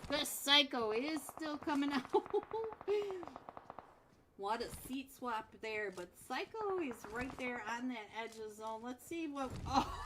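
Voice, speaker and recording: A woman's voice: high-pitched, animated, slow pace, fairly bright tone, a little hiss or hum. A young woman casting a mobile battle royale match live, playful and giggly, chatting with viewers between play calls. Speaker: esports caster. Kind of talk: live game commentary.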